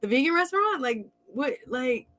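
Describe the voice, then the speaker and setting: A woman hosting a podcast in casual chat, expressive and chatty, with informal slang. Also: high-pitched, moderate pace. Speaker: podcast host.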